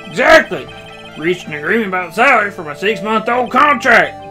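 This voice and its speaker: A man voicing a flamboyant, vain male circus magician in game dialogue, delivering lines theatrically and shouting. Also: high-pitched, expressive, fairly quick, soft background music, heavily acted. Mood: smug.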